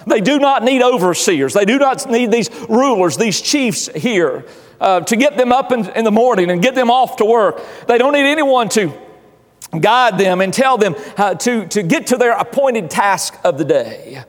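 A man's voice: sits high, animated, normal speed, long reverb tail. A male pastor delivering an earnest sermon in a church, often repeating his phrases. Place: church sanctuary.

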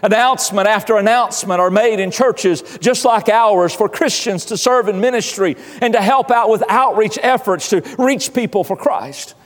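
A man's voice: high-pitched, moderate pace, few pauses, in a large hall. A male pastor delivering an earnest sermon in a church, often repeating his phrases. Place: church sanctuary.

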